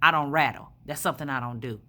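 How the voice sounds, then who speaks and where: Her voice rumbles low yet comes out pushed and bright at a quick pace as this spiritual vlogger rambles through a story from a hospital room. She's blunt and profane, leaning on plenty of fillers in this casual monologue.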